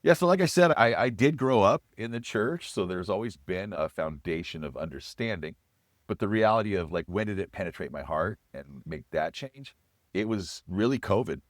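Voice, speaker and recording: A man's voice: deep voice, expressive, normal speed, no echo, studio quality. A man in his forties sharing his recovery and faith story as an interview guest, earnest and reflective. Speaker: guest, chef. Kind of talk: personal testimony in an interview.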